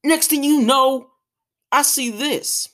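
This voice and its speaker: A young woman hosting a podcast, ranting casually in an exasperated, animated way, full of restarts and fillers. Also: high-pitched, slow pace. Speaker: podcast host.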